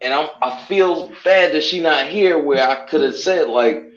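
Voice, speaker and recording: A man's voice: fairly high pitch, measured pace. A man hosting a casual chat, earnestly pressing his point on a video call. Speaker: host. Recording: muffled, roomy.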